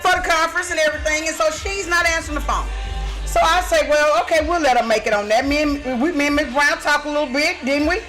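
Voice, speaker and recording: A woman's voice: high voice, fast, over music, poor audio. A Texan woman co-hosting a podcast in casual chat, affectionate, calling people baby and laughing often. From Texas. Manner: affectionate, calls everyone baby, laughs a lot. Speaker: podcast co-host.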